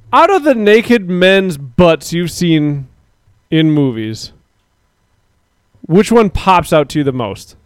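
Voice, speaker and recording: A man's voice: a little high, smooth, no echo, studio quality. A man co-hosting a livestream, bantering crudely, laughing often and reading chat aloud. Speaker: livestream co-host.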